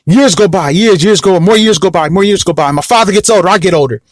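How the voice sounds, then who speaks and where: A man's voice: sits high, fast talker, no room sound, clean studio sound. A young man casually telling a personal story to the camera, rambling and repeating himself and often asking whether you know what he means. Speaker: vlog host.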